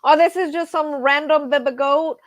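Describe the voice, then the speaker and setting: A woman hosts a casual evening livestream, chatting freely and reading her viewers' comments aloud. Her voice sits a little high, and she tells stories animatedly with frequent laughter. The sound is close and dry. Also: steady tone, moderate pace, dry recording. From grew up on a ranch. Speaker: livestream host.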